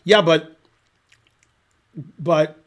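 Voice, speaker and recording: A man's voice: fairly high pitch, fairly even intonation, very slow, a bit bright. A middle-aged man doing casual live chess commentary, wandering off into dry, rambling anecdotes between moves. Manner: rambling, dry, digressive storytelling.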